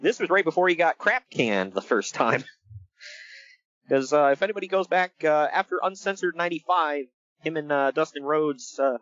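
Man, podcast co-host, casual chat, lively swinging pitch, exasperated, dull dry sound. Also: a little fast, no echo. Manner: animated, exasperated, laughs often.

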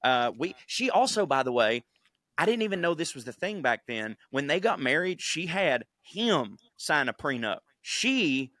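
A man's voice: fairly high pitch, big pitch swings, normal speed, pushed and bright, no room sound. A man co-hosting a podcast, telling a history story in a loose, profane, rambling way and putting on silly voices for the people he quotes. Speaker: podcast co-host. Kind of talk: casual storytelling chat.

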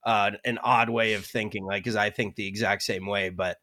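A young man co-hosting a podcast in relaxed, chatty conversation. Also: lowish voice, moderate pace. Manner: relaxed and chatty, frequent fillers. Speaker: podcast co-host. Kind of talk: casual chat.

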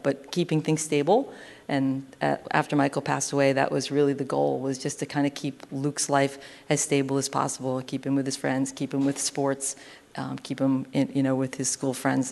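A woman's voice: extremely low pitch, creaky, darkish tone. A woman speaking earnestly and reflectively to an audience as a panel speaker. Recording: long hall reverb.

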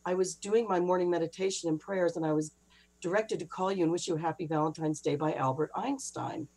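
A middle-aged woman author, a guest on an interview, telling a personal story in a lively rush with laughing asides. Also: fairly low pitch, rough recording. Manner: breathless, laughing retelling with quick asides. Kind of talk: animated anecdotal storytelling.

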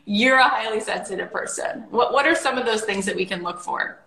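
A woman hosting a podcast who asks her guest questions with warm curiosity. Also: medium pitch, fairly quick, vocal fry. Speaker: podcast host. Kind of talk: interviewing. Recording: echoey room.

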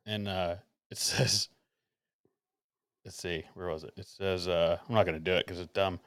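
Laid-back male co-host, low voice, dry room, rambling delivery. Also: fairly even intonation, moderate pace, fairly bright tone, clear, resonant tone, dry recording. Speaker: podcast co-host. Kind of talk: casual chat.

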